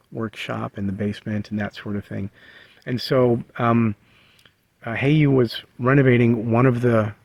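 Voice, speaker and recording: A man casually telling a personal story, halting with many fillers and restarts. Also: lowish voice, a little mellow, dry recording. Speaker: vlogger sharing a memory. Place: living in a bus.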